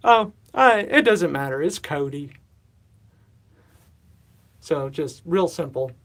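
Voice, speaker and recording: A man's voice: a little high, animated, slow, fairly bright tone. Thirties male streamer, slightly breathless, loose and rambling, self-deprecating, casual chat from a stuffy humid room. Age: 30s. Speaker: livestream host. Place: stuffy warm humid indoor grow room.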